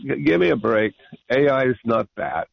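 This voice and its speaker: Gravelly, insistent male radio caller. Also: medium pitch, sing-song, normal speed, no echo. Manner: argumentative, insistent, repeats himself. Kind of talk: call-in radio debate. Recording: muffled radio broadcast.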